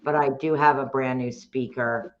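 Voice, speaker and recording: A talkative woman hosting a casual chat, a former dog trainer who calls herself a loudmouth, rambling in an animated way. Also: rumbling low, moderate pace. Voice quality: loud, talkative. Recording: dull lo-fi sound, faint noise.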